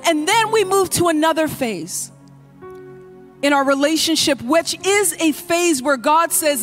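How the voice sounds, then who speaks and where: A woman's voice: high-pitched, expressive, a little slow, soft background music. A woman pastor preaching a sermon in a church, passionately acting out cries of prayer.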